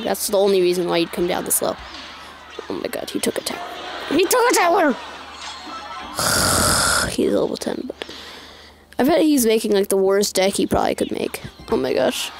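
A woman's voice: mid-range voice, vocal fry, slight background noise. A woman giving casual gameplay commentary, exasperated and repeating her complaints aloud.

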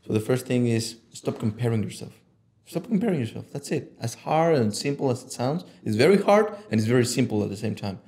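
A man's voice: mid-range voice, fairly quick. Passionate, cursing male podcast guest. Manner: passionate, swears freely, animated when quoting himself. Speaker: podcast guest, image consultant. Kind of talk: casual conversation.

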